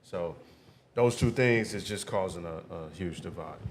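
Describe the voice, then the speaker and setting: A man co-hosting a podcast in casual chat, laid-back, his voice trailing off quietly at the end of phrases. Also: low-pitched, unhurried, slight background noise. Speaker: podcast co-host.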